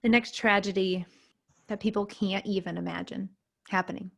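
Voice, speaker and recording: A woman interviewing a guest about faith, gently prompting her and finishing her thoughts. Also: mid-range voice, steady tone, normal speed, creaky, slight background noise.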